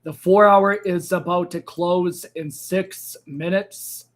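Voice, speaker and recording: A man with a fairly high voice hosts a live trading stream at his desk. He talks through the charts in loose, casual commentary, often changing his mind mid-sentence. His voice sounds a little worn, as if he is losing it. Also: steady tone, slow pace. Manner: thinks aloud, second-guesses himself mid-sentence. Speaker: crypto trading livestream host.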